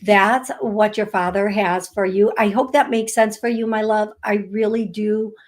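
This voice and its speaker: A woman hosting a live psychic reading stream, talking slowly and affectionately to viewers, with many fillers while she reads comments. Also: medium pitch, little pitch movement. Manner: slow, soothing, affectionate. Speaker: psychic medium host.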